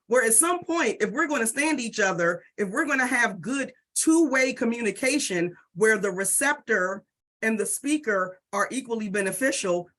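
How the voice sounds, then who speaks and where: A middle-aged woman from the DC area speaks on a panel, her voice sitting a little high. She tells lively stories and acts out the quoted back-and-forth. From Southeast DC and Prince George's County, Maryland. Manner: animated storytelling, acts out quoted exchanges. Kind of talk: panel discussion.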